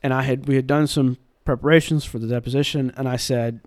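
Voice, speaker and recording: Twenties male guest, mild Southern accent, animated storyteller, dry close sound. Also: mid-range voice, no room sound. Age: 20s. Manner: animated anecdotes, brisk delivery. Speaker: guest, in-house general counsel. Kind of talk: storytelling in an interview.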